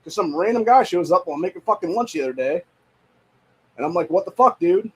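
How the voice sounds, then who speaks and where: A man's voice: high-pitched, lively intonation, fast, slightly rough. A young man at home, ranting in a casual, profane, exasperated way with lots of repetition. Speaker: podcast host. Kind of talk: casual rant.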